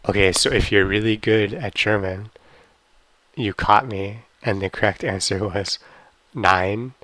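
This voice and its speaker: A young man teaching an online language lesson, drilling practice questions slowly and carefully with frequent ums. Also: on the low side, a bit bright, dry recording.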